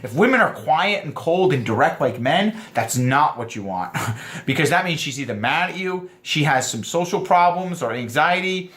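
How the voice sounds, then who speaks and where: A man giving dating advice to other men, lively and explaining point by point, acting out quoted lines in funny voices. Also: fairly high pitch, moderate pace. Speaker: dating coach. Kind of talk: instructional vlog talk.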